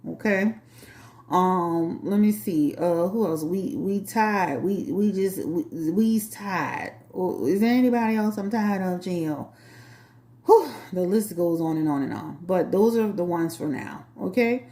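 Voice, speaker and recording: Talking casually to her live chat, this New Orleans-accented woman runs her tarot channel in a blunt, sassy way. She has a lowish, warm voice heard in a reverberant space.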